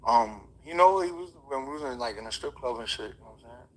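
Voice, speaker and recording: A man's voice: medium pitch, animated, quick pace, a bit bright, rough recording. A man, a boxer, telling a story in a casual, slangy, rambling way with many fillers. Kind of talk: casual interview chat.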